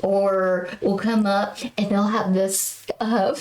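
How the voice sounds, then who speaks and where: A woman's voice: medium pitch, little pitch movement, slow, a little mellow, low-quality recording. A woman in her forties, co-hosting a casual podcast chat, amused and chiming in with reactions. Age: 40s. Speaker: podcast co-host.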